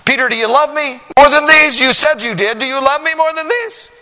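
A preacher voicing an insistent, searching teacher. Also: male voice, extremely high pitch, animated, brisk, bright, forceful tone, big-room sound, pitched above the performer's own voice, exaggerated voice. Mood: pressing. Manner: insistent, raised voice. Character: male teacher pressing a searching question.

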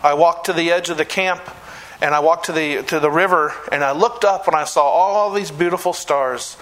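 Earnest preaching man, slightly high voice. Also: a bit bright, low-quality recording. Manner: earnest storytelling, preaching with slowed emphatic phrases. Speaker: pastor. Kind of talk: sermon with personal testimony.

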